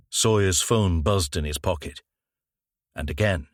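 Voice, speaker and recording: A man with a low voice narrating a crime novel at a measured, even pace. He reads on a close microphone. The recording is very dry with no room sound. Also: no echo. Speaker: audiobook narrator. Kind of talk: scripted narration.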